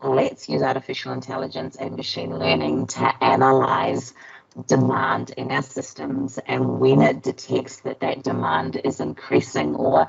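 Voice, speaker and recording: A woman presenting tech news in a relaxed webinar, enthusiastic and full of little fillers. Her voice is low with a gravelly edge. The call audio sounds dull and lo-fi. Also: a little slow. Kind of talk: casual webinar walkthrough of tech updates. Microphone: headset, later computer microphone.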